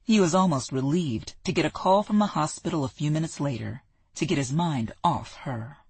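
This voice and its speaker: Breathy audiobook narrator. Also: medium pitch, normal speed, no echo. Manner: even, storytelling delivery. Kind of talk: scripted narration.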